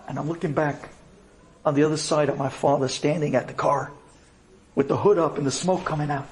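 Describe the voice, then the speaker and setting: A rabbi giving a dramatic personal storytelling talk, swinging from loud to quiet for emphasis. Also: male voice, a little high, steady tone, fairly quick.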